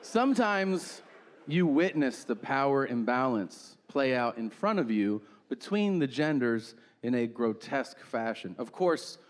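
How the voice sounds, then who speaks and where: A man's voice: medium pitch, big pitch swings, unhurried, big-room sound, a little hiss or hum. A man doing stand-up comedy, telling profane, exaggerated stories on stage.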